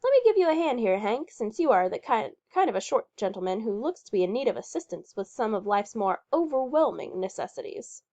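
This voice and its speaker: A woman's voice: a little high, very animated, fairly quick, hardly any pauses, mellow. A woman reading aloud and voicing a bossy, folksy woman who lectures and talks in country phrasing. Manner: fussy, lecturing, country-talking. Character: bossy folksy middle-aged woman horse owner. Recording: muffled lo-fi recording.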